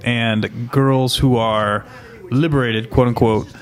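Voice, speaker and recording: A man's voice: medium pitch, fairly even intonation, takes it slowly. A man in a casual podcast chat, cutting in to push back on a point. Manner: interjecting, pushes back.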